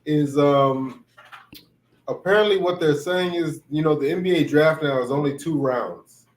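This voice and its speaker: A man's voice: a little high, a little slow, roomy sound, low-quality recording. A man co-hosting a podcast, chatting casually and often hesitating while he searches for words. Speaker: podcast co-host. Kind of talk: casual chat.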